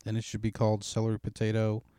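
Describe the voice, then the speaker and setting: A man's voice: lowish voice, completely flat delivery, fast talker, warm tone, dry recording, studio quality. A man in casual chat, swearing freely and teasing his friend in an argumentative, ribbing way.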